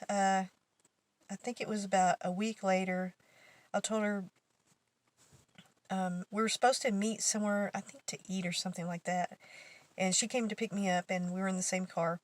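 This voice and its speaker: A woman's voice: medium pitch, dry recording. A woman vlogger casually telling a story, rambling and correcting herself as she goes, laughing often.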